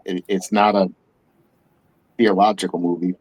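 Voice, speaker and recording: A man's voice: low voice, flat delivery, measured pace, a little mellow, breathy edge, no room sound, low-quality recording. A man in casual podcast chat, easygoing and rambling a little. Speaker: podcast guest.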